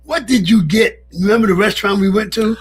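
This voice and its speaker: A man's voice: high voice, a little fast, husky, soft background music. A man co-hosting a casual radio chat show from a studio, telling stories with easy laughter. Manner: laughing storyteller. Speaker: co-host.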